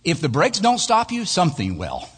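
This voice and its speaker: A man voicing a deadpan, wisecracking male car mechanic. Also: fairly high pitch, normal speed, long reverb tail, a little hiss or hum.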